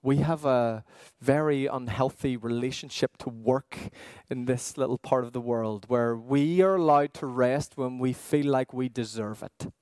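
A man preaching a sermon as pastor, earnest and questioning, with emphatic pauses. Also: medium pitch, a little mellow, dry recording.

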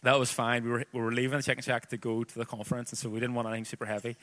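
A Northern Irish man in his thirties preaching a sermon, his voice bright and forward. He reads scripture and then slips into loose, chatty storytelling padded with casual asides. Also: medium pitch, level tone, racing. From Northern Ireland.

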